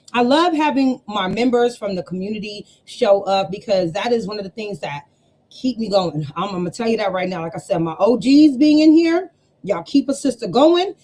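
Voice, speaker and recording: A woman business coach hosting a casual livestream, chatty and familiar, calling her viewers y'all and honey. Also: fairly high pitch. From US West Coast. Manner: chatty, warm slang, laughs often, addresses viewers as y'all and honey. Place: home room. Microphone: webcam setup with two cameras.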